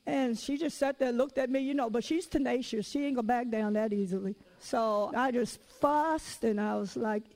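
A woman with a high voice delivers a sermon, weaving personal stories into it. Her talk is lively and conversational, full of casual everyday phrasing. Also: moderate pace, few pauses, low-quality recording. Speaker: preacher.

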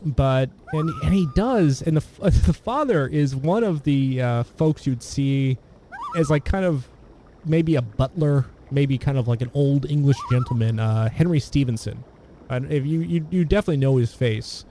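Mellow-voiced man, rambling film talk. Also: medium pitch, slight background noise. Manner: meandering, halting, many restarts. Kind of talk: casual film discussion.

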